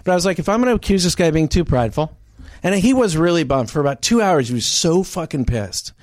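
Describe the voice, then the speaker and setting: A man's voice: a little high, animated, fast, a little mellow, dry recording, clean studio sound. A man telling a story in casual chat, acting out both sides of an argument with many restarts.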